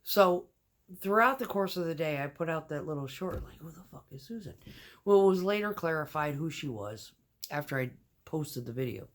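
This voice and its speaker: A woman's voice: low-pitched, lively intonation, normal speed. A woman telling a rambling, profane story in casual vlog style, often dropping to a whisper. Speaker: vlogger.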